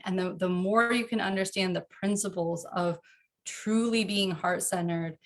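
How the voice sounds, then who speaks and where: A woman talking earnestly about parenting in a casual interview from home, animated and quick to laugh. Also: on the low side. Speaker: podcast guest, author.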